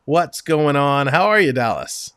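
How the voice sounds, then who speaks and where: A man's voice: on the high side, expressive, unhurried, a bit bright, clean tone, dry recording, studio quality. A man hosting a live hockey stream, reading stats and chatting with guests in an upbeat, joking way. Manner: upbeat play-by-play, reads stats, jokes. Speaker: stream host.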